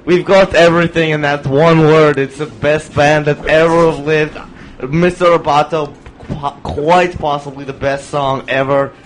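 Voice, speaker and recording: A man's voice: a little high, fairly even intonation, unhurried, slight background noise, close to an everyday voice, poor audio. A man playing an enthusiastic 1980s rock fan in an improvised comedy sketch.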